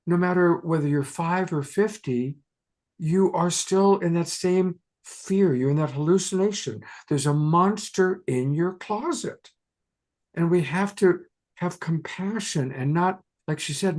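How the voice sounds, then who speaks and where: A woman hosting a spiritual conversation, telling an animated coaching story. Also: lowish voice. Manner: animated storytelling, acting out a child's fear. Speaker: host.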